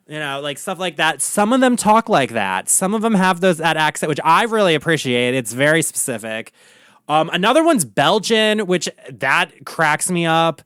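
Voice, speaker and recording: A man's voice: on the high side, very animated, moderate pace, fairly bright tone, smooth, no echo, studio quality. A man with a Baltimore accent, a drag queen host ranting casually, campy and profane with lots of filler words. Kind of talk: casual solo rant.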